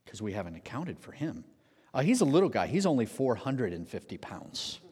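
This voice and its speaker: A man gives a sermon and tells his story in an animated way, sometimes acting out voices. His voice sits at an ordinary male pitch. A long reverb trails after his words, as in a large hall. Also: brisk, slightly rough. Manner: animated storyteller, acts out shouted quotes. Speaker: preacher.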